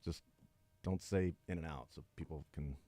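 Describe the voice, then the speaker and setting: A man's voice: extremely low pitch, fairly even intonation, a little slow, dark tone, no room sound. A man hosting sports radio, bantering bluntly and dismissively with his co-host.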